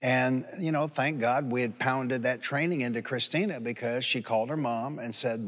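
A pastor in his sixties preaches in a folksy, conversational way, stopping to toss questions out to his congregation. His voice sits at an ordinary pitch for a man. It rings with the long reverb of a large hall. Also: moderate pace, a bit bright. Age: 60s. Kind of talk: sermon. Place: church sanctuary.

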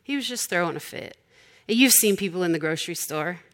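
A woman's voice: on the low side, animated, a little fast, a bit bright. A woman in her forties preaching a sermon, telling stories in a conversational, humorous way.

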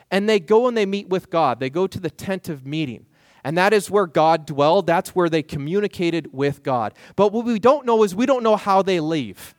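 A man preaching a sermon as a pastor, retelling a story in an animated way with playful asides to the congregation. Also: sits high, no room sound, studio quality.

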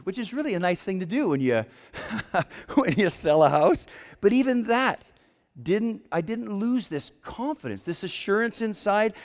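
A man preaching a sermon, telling a personal story and sometimes dropping to a hush for quoted lines. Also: fairly high pitch. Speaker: pastor. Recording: long hall reverb.

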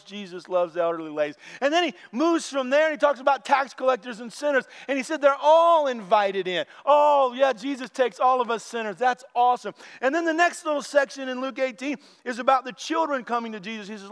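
A man preaching a sermon in a lively way, acting out the voices of puzzled listeners and disciples. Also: very high voice, smooth. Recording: long reverb of a large hall.

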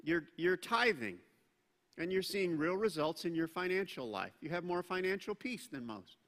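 A man preaching a sermon as pastor, animated and acting out the voices he quotes. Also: high voice, moderate pace. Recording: long reverb of a large hall.

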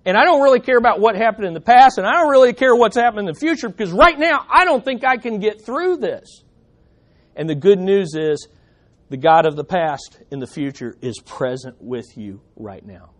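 Animated high-voiced male pastor preaching. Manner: animated, joking asides to the congregation. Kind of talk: sermon.

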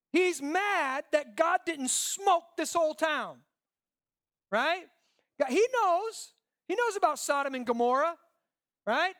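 A man preaching a sermon, animated, acting out quoted voices and asking "right?" often. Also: extremely high pitch. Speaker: pastor.

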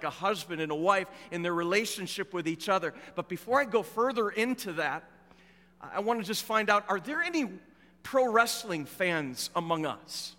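A middle-aged man preaching a sermon as a pastor, telling stories in a relaxed, conversational way with fillers. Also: high-pitched. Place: church. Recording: echoey church hall with long reverb.

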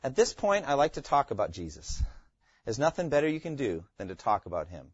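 A man's voice: medium pitch, big pitch swings, fairly quick, slightly rough, dry recording, lo-fi sound. A man teaching a Bible class, quizzing his students and repeating key phrases.

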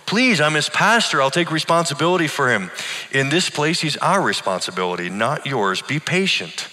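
A brisk, rule-bound female nurse, as a man puts her on, lifted well above his natural pitch. She clips off every refusal with firm, dismissive politeness, and a long hall reverb trails after each line. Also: very animated, sharp tone. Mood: curt, firm.

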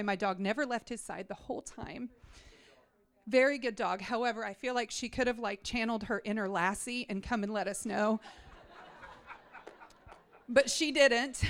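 A woman in her thirties giving an earnest, animated mission trip testimony to a church congregation, talking straight to the listeners. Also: on the high side. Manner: earnest and animated, addressing the audience directly.

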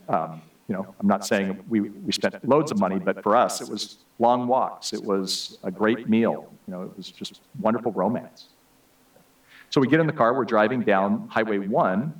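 A man's voice: lowish voice, recorded from a distance, rough recording. A man giving a sermon, telling humorous, self-deprecating personal stories. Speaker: speaker giving a message.

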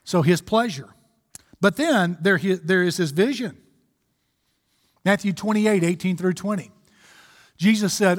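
A man's voice: high voice, long reverb tail. A man preaching an emphatic sermon as a pastor, stretching out key phrases and pressing his points. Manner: emphatic, exhorting, drawn-out slow phrases.

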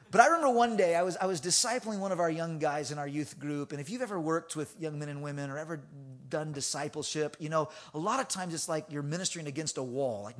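Animated preacher with a higher male voice. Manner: animated, laughing, with frequent restarts. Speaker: pastor. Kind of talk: sermon with a humorous personal story.

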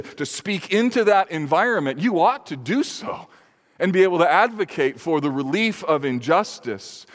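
Earnest preacher in a reverberant hall. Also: male voice, on the high side. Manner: earnest, emphatic preaching with sudden lifts and drops. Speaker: pastor. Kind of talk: sermon.

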